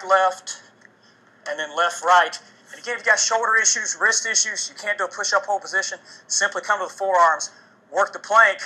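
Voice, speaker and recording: A man's voice: high-pitched, sharp tone, rough recording. A man working as a fitness trainer, demonstrating a workout and coaching energetically as he exercises during a TV segment, getting out of breath. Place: TV studio.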